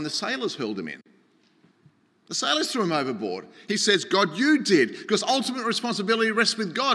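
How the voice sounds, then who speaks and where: A man's voice: high voice, sharp tone. A man preaching a sermon in a conversational way, often asking his listeners questions. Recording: reverberant hall.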